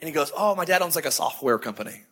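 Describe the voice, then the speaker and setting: Bright, husky-voiced male preacher. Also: a little high, lively intonation. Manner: conversational storytelling with emphatic slowed phrases. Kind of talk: sermon.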